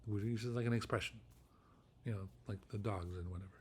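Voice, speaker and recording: A man's voice: fairly low pitch, fairly even intonation, brisk, darkish tone, a little hiss or hum. Ranting middle-aged man rambling solo. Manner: ranting, profane and repetitive, with restarts. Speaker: vlogger.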